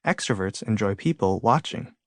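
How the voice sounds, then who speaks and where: A man's voice: mid-range voice, very animated, fairly quick, no echo, clean studio sound. A man voicing a shy introverted hedgehog who explains things earnestly.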